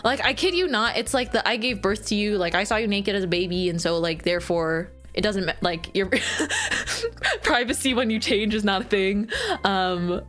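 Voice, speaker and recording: A young woman streamer in casual chat with her viewers, giggly and animated, squealing when she quotes herself. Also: mid-range voice, moderate pace, soft background music.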